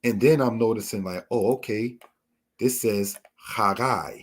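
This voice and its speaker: A man teaching a Torah lesson, explaining word meanings in a measured way and addressing his listeners as brothers and sisters. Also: lowish voice, fairly even intonation, mellow, husky. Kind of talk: slow spoken Bible lesson.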